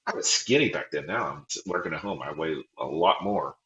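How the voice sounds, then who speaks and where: A man's voice: extremely low pitch, lively intonation, brisk, pushed and bright, roomy sound, lo-fi sound. A man, a former band director, telling self-deprecating stories in a casual interview and acting out quotes with a laugh.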